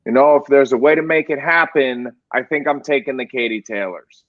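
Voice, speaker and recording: A man's voice: medium pitch, a little fast, dry recording, highs cut off. A man co-hosting a sports podcast, telling rambling stories and getting fired up about who is toughest. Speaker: podcast co-host. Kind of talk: casual sports chat.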